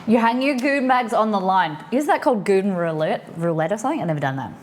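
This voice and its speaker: An Australian woman talks loosely and casually to her stream audience at a middling pitch. She rambles, fills her sentences with "like" and circles back on her own explanations. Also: lively intonation, fast, background noise. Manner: chatty and rambling, lots of "like" fillers. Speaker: livestream host. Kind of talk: casual chat explaining slang to viewers.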